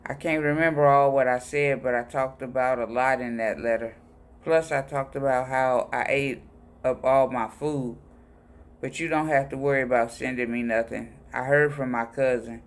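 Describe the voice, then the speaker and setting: A man reading personal letters aloud in a plain, unhurried voice. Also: medium pitch, steady tone. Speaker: reader of letters.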